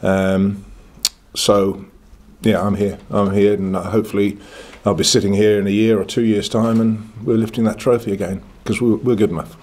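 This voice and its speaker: A man's voice: on the low side, little pitch movement, moderate pace, darkish tone. A man in his sixties with a northern English accent, answering reporters at a press conference in a blunt, confident, plain-spoken way. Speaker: cricket club chairman.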